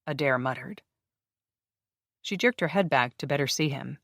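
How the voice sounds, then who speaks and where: A steady, measured audiobook narration of a paranormal romance, with a medium pitch and level delivery. It is recorded close with a dry sound. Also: no echo.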